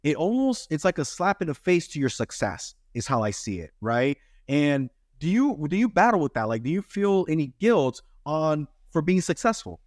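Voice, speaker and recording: Male podcast host, 30s, earnest and preachy, lively pitch, dry close sound. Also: normal speed, few pauses, dry recording. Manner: earnest, preachy, lots of "right?" tags. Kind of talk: casual interview chat.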